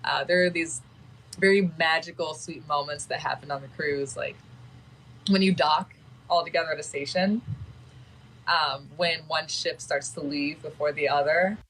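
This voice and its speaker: A woman's voice: low voice, fairly even intonation, normal speed, fairly bright tone, slight background noise, rough recording. A woman chatting casually on a livestream, talking in a gushing, sentimental way.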